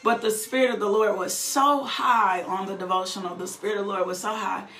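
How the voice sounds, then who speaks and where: A woman's voice: mid-range voice, fairly even intonation, a little fast, a bit bright. Fervent woman testifying in a roomy space. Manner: repetitive, fervent, breaks into laughter. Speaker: testifying believer. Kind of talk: emotional personal testimony. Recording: roomy echo.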